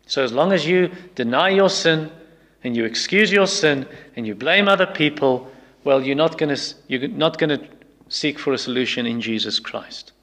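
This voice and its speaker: Emphatic preacher in a reverberant hall. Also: male voice, a little high, normal speed, a bit bright. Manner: emphatic, repeats lines and acts out excuses in quoted voices. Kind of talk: sermon.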